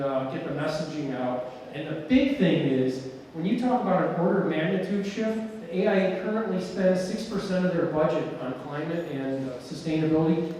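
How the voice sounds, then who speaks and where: A man, an architect, giving an animated talk at an event, telling stories and sometimes shouting and laughing. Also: fairly high pitch, slight background noise. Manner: animated storyteller who shouts and laughs at slides. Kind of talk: conference presentation. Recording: echoey hall from far off.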